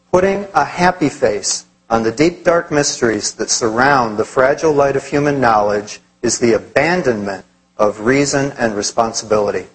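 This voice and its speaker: A man speaking in a formal debate, measured and rhetorical. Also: medium pitch, breathy edge, poor audio.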